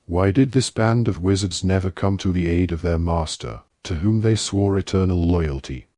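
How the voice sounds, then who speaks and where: A man voicing a cold, menacing male dark lord who speaks quietly and softly, in an audiobook reading. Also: sits low, moderate pace, dry recording, clean studio sound. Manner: quiet, soft-spoken menace.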